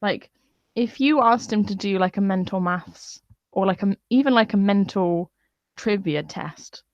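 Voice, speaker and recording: A woman's voice: medium pitch, a little slow, darkish tone, no room sound. A woman venting in a profane, scornful live-stream rant. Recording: dull lo-fi dry sound.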